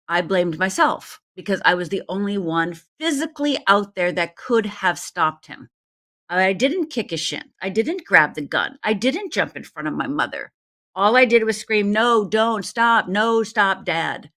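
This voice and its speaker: A woman's voice: lowish voice, pushed and bright. A middle-aged woman from Upper Michigan, a life coach guest telling a personal story in a podcast interview, earnest and speaking straight to the host. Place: Los Angeles.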